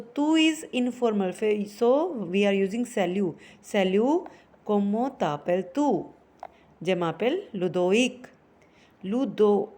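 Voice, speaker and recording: A woman teaching a French lesson, explaining slowly and repeating phrases for her students. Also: medium pitch, a little mellow.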